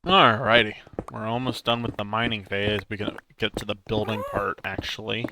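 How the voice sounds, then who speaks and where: A man's voice: fairly low pitch, little pitch movement, moderate pace, background noise. A man giving casual, rambling gameplay commentary, joking at himself and drifting into silly humming. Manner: rambling and self-mocking, breaks into silly song. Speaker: gaming channel host.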